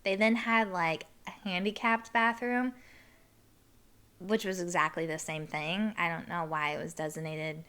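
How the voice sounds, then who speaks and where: Woman podcast host, 30s, casual animated storyteller, bright and smooth. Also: on the low side, unhurried. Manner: animated, swearing, acts out quoted lines loudly.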